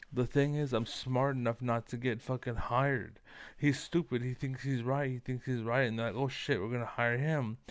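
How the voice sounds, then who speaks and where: Guy going off on a rambling sweary rant, smooth clear voice, dead dry sound. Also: mid-range voice, dry recording. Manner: profane, rambling, combative, many fillers. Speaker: online commentator. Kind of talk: ranting monologue to camera.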